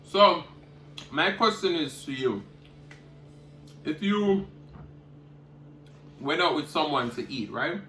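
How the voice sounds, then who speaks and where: A cooking vlogger with a high, animated voice talks slowly and pauses often as he eats, humming loudly to savor his food. He chats casually and directly with viewers in this mukbang, recorded in a reverberant space with a little hiss or hum.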